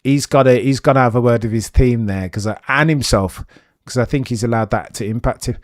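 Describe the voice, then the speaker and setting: A young man streaming live race commentary, chatty and animated, with excited bursts and muttered asides. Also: mid-range voice, brisk, no echo, studio quality.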